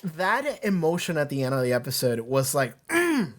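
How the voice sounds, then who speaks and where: A man's voice: fairly high pitch, wildly swooping pitch, moderate pace. A man hosting a reaction video, talking casually and animatedly, rambling with frequent restarts and swearing.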